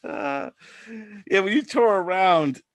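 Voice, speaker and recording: A man hosting a casual chat, easygoing and quick to laugh. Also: high voice, animated, no echo, clean studio sound. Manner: easygoing, laughs often, halting restarts. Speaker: host.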